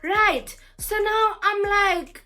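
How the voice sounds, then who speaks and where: Chatty young South African woman, bright. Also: very high-pitched, drawn-out words, soft background music. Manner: animated, chatty, heavy use of "like". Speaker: vlogger. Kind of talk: storytime vlog.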